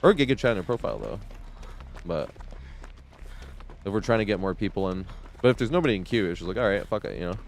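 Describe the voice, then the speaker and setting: Low-voiced man swearing through gameplay banter. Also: very animated, fast talker, long pauses, a little hiss or hum. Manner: laughs often, swears freely, tells stories animatedly. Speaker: game streamer. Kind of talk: casual live gameplay commentary.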